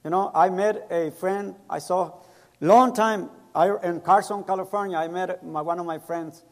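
High-voiced pastor preaching in an echoey hall. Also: male voice, steady tone, normal speed. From El Salvador. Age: middle-aged. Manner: storytelling, acts out quoted voices, non-native grammar. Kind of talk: sermon with personal stories.

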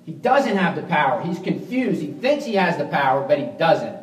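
A man preaching a sermon as pastor, swinging between quiet reflection and forceful emphasis, often restarting his words. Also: on the high side, big pitch swings, moderate pace, echoey room, distant mic, poor audio. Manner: frequent restarts and repeated words.

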